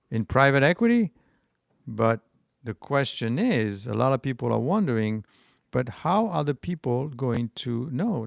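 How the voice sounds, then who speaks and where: Man, French accent, middle-aged, gravelly, dry close sound, casual livestream chat. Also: medium pitch, dry recording. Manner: rambling, restarts, talks back to chat comments. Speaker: stock market channel host.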